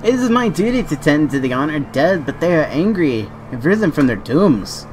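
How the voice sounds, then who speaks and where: A man's voice: medium pitch, animated, moderate pace, slight background noise, lightly acted. A man reading as an earnest keeper of the honored dead in a fantasy game, putting on an accent for the part. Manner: put-on accent while reading game dialogue.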